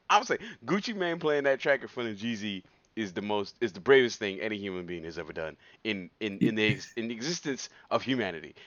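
A man co-hosting a podcast in casual chat, riffing excitedly and laughing often. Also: lowish voice, fast talker, few pauses, no echo. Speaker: podcast co-host. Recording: dull lo-fi dry recording.

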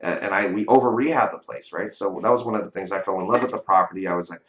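Low-voiced man telling a story, roomy lo-fi sound. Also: quick pace, a little hiss or hum. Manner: conversational, frequent "you know" and "right?". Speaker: real estate investor guest. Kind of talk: casual storytelling interview. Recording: dull lo-fi audio in a roomy space.

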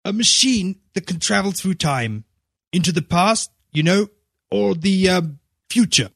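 A man's voice: high-pitched, animated, measured pace, gravelly, fairly bright tone, dry recording, clean studio sound, pitched above the performer's own voice, heavily acted. A man voicing a self-deprecating male author who talks hesitantly and apologetically.

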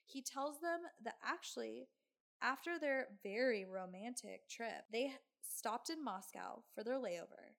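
A woman with a fairly high, gravelly voice, telling a true crime case to her co-host in a loose, chatty way. She drops sarcastic, swearing asides as she goes. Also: animated, measured pace, fairly bright tone. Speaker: podcast host. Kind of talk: true crime storytelling chat.

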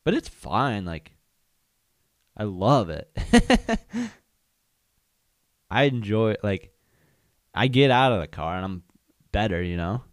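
A man's voice: fairly low pitch, animated, measured pace, pauses often, no room sound, clean studio sound. A young man hosting a podcast, chatting casually and candidly on his own, rambling with lots of fillers. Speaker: podcast host. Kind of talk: casual solo chat.

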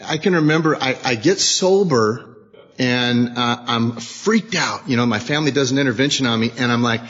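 A man's voice: medium pitch, normal speed, a bit bright. A man sharing his story at a recovery meeting, rambling and self-deprecating, acting out bits of dialogue. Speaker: AA meeting speaker. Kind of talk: personal recovery share. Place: meeting hall. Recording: dull lo-fi tape in a reverberant hall.

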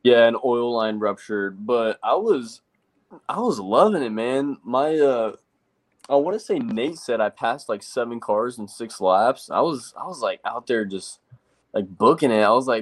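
This young race truck driver, appearing as an interview guest, has a mid-range voice with lively intonation and a measured pace. His storytelling is casual and rambling, full of self-quotes peppered with "like."

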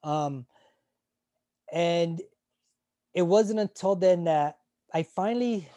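Retired Navy corpsman in his 40s, interview guest; mellow, raised male voice, candid and profane, halting delivery. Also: high voice, no room sound. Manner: frank and emotional, swears freely, halting restarts. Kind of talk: candid conversational storytelling.

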